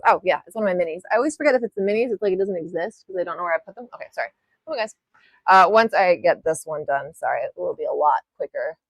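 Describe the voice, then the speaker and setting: A young woman hosts a casual live nail tutorial, chatting as she works. Her pitch swings widely and freely, and her talk rambles with many self-interruptions and apologies. The sound is close and dry, with no room echo. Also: creaky. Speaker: nail art tutorial host. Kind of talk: casual live-stream chat while demonstrating. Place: home nail studio.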